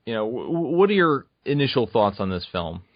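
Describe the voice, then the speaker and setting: A man's voice: mid-range voice, big pitch swings, normal speed, no echo. Man, casual podcast co-host, emphatic and enthusiastic, dry close sound. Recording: dull, dry lo-fi recording.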